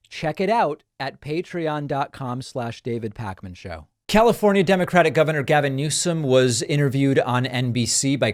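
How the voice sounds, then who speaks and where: A man hosting a political news commentary show, delivering dry, sarcastic remarks. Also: medium pitch. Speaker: host.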